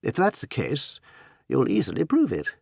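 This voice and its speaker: A self-possessed adventurer, cool and assured, with a lively, smiling lift in his tone, as the reader plays him. Slightly husky and recorded close and dry. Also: medium pitch, moderate pace, dry recording, pitched above the performer's own voice, exaggerated voice. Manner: cool, assured, sometimes soothing.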